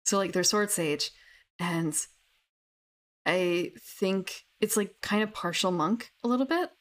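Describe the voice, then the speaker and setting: A young woman chatting casually about her tabletop characters, rambling with many fillers and restarts. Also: mid-range voice. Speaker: tabletop gamer. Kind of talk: casual chat.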